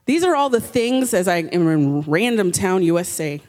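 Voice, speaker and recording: A woman in her thirties giving a personal faith testimony at a women's gathering, candid and animated, with self-mocking humor. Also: lowish voice, moderate pace.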